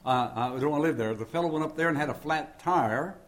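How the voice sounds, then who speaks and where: An older man delivers a sermon with a folksy, joking touch, weaving scripture readings together with homespun stories. His voice sits a little higher than most men's. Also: fast. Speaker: preacher.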